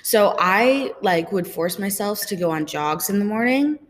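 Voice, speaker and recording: A woman's voice: medium pitch, expressive, unhurried, in a large hall. A woman speaking as a podcast guest in a chatty, upbeat way, using lots of fillers. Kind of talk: casual conversation.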